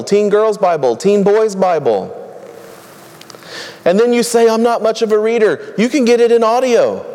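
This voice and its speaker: Man, preacher, high-pitched, lively list-making sermon, echo of a large hall. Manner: conversational, humorous, rattles off long lists.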